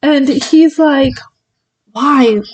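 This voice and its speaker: A woman's voice: high-pitched, extremely slow, a little mellow, dry recording, far from the mic, low-quality recording. A woman casually reviewing a book, retelling the plot in a rambling way with many fillers and laughs.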